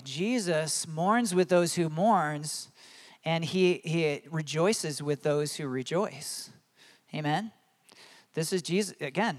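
A man in his thirties preaching a sermon as a pastor, earnest and conversational, laughing at his own stories. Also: a little high.

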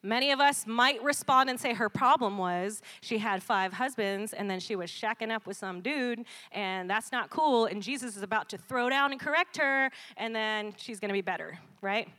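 A woman preaching a sermon in a lively, conversational way, laughing often and calling for responses from the congregation. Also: on the high side, moderate pace, hardly any pauses.

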